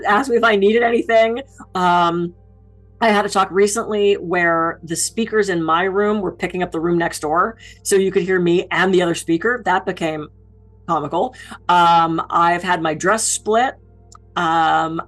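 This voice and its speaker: A woman with a slightly low voice shares public speaking advice as a keynote speaker. She tells stories about her own blunders with lively, self-mocking humor. Soft music plays faintly behind her. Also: rough recording. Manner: lively self-deprecating storytelling.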